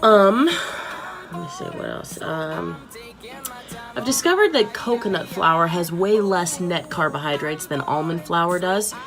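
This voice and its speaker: Upbeat woman vlogger, slightly low voice, casual talk to camera. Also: animated, a little slow, creaky, over music. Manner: chatty, upbeat and candid. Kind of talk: casual video diary.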